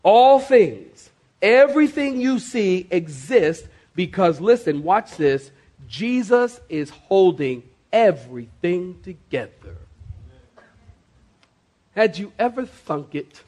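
A high-voiced man preaches a sermon in a church. He drags out key phrases slowly for weight, then lifts his voice in emphatic bursts. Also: expressive, darkish tone. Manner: preaching with dramatic slowdowns and sudden rises. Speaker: pastor. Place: church sanctuary.

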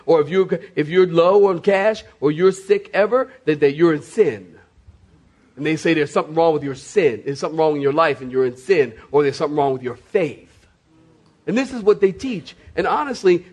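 Middle-aged male pastor, high voice, sermon delivery with dramatic hushed drops and repetition. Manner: preaching with big swings from loud to hushed, repeating phrases.

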